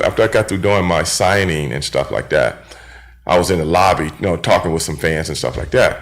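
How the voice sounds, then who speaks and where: A middle-aged man with a lowish voice spins road stories on his radio show. His pitch swings widely as he acts out what everyone said, relaxed and chatty, tossing in plenty of "you know what I'm saying.". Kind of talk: casual radio storytelling.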